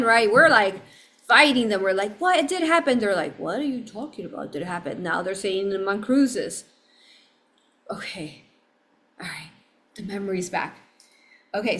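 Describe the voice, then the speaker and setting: A woman hosting a livestream, telling a story in a casual, excitable way, with frequent exclamations and restarted sentences. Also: mid-range voice. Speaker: livestream host.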